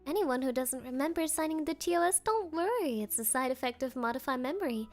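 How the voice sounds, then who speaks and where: A woman's voice: high voice, animated, brisk, few pauses, soft background music. A woman streamer chatting casually and reading chat aloud, giggling often.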